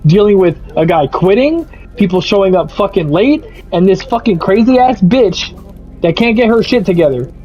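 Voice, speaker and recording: A young man streaming a game, telling a profane, animated story about a bad work shift. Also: sits high, moderate pace. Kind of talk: casual rant over gameplay. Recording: slightly muffled, faint music.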